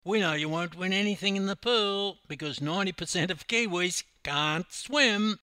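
A man's voice: high voice, normal speed, sharp tone, clear, resonant tone, no echo, studio quality, pitched above the performer's own voice. An older man with an Australian accent voicing a brash, boastful Australian man who teases people. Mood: cocky. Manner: cocky, boastful, teasing. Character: brash joking Australian man, loud show-off.

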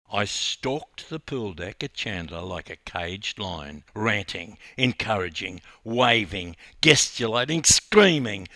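A man, a swimming coach narrating his own memories in an animated, dramatic storytelling style. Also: on the low side, no room sound. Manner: animated, dramatic retelling that rises in intensity.

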